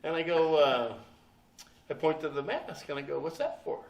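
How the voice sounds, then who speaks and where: A man's voice: on the high side, moderate pace, lo-fi sound. Profane older man telling stories. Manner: profane, laughing, acts out the people in his story. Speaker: guest actor at a convention panel. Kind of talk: anecdotal storytelling to an audience. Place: convention panel room. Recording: echoey room from a distance.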